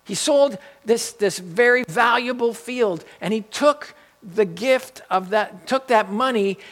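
Male pastor, sermon, high voice, slow, storytelling, repeats himself. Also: a bit bright. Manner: storytelling, with frequent restarts and repetition.

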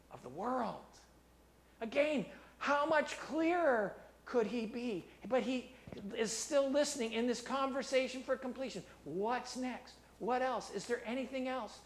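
A man preaching a sermon, reading scripture in a low, quiet voice and rising loud for emphasis. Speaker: pastor.

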